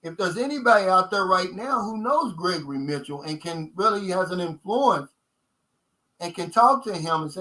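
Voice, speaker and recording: Forceful man with a Kentucky accent. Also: high-pitched, expressive, moderate pace, low-quality recording. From United States. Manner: emphatic, folksy, repeats key phrases, addresses viewers as guys. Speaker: channel host. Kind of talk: casual livestream chat.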